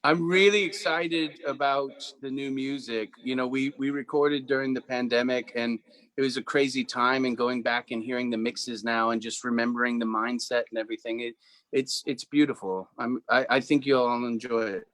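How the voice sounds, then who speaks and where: A man's voice: medium pitch, normal speed, no room sound. A man, a guest musician, chatting casually and telling stories with acted-out quotes. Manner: animated storyteller, acts out quotes. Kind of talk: casual chat.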